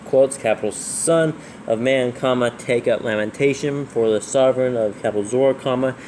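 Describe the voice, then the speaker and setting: A man proofreading scripture aloud, reading slowly and calling out every comma, quote and capital letter. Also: medium pitch, steady tone, a little mellow, slight background noise. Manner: reads slowly, spelling out punctuation and capitals. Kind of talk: dictating text with punctuation.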